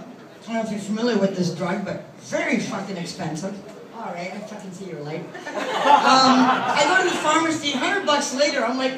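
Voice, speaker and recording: A woman's voice: a little high, distant mic. A middle-aged woman doing a crude, self-mocking stand-up set, recorded from the audience in a club. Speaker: stand-up comedian. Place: comedy club stage. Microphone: phone recording from the audience. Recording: echoey club from afar, crowd. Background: audience laughter.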